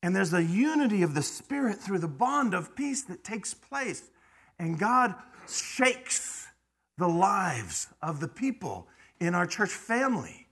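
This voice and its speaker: A male pastor delivers a sermon in a bright, forceful voice that sits slightly high for a man. He drops to near-whispers and then builds to loud, emphatic declarations. He often repeats a word or two as he begins a thought. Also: big pitch swings, a little slow, slightly rough. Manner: dynamic preaching, swings from hushed to loud emphatic; repeats words when starting phrases.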